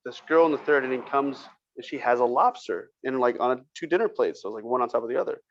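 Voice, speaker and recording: A man's voice: mid-range voice, fast talker, slight background noise. Guy rambling thru a story on a podcast, swears a lot, kinda muffled audio. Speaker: podcast co-host. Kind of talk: casual chat.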